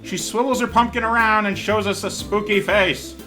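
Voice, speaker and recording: A man's voice: high-pitched, steady tone, normal speed, over music. A man reading a game aloud, laughing often and adding crude joking asides. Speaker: let's play host.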